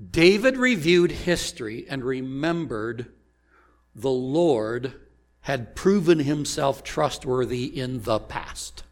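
A man with a mid-range voice and lively intonation preaches as a pastor. His delivery is slow and deliberate, punctuated by rhetorical questions aimed at the congregation.

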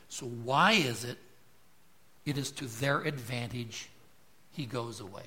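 A pastor preaching a sermon with emphatic rhetorical questions, his loudness swelling and dropping. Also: mid-range voice, measured pace, long pauses.

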